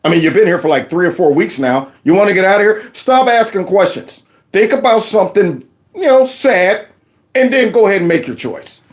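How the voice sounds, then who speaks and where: A man hosting a political commentary show, animated and mocking, slipping into impressions. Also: a little fast. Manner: animated, mocking impressions, lively pitch swings.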